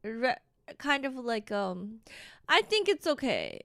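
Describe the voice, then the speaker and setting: A woman's voice: on the high side, big pitch swings, slow, gravelly, fairly bright tone, dry recording, studio quality. A young woman streaming live, chatting casually and greeting viewers one by one by name.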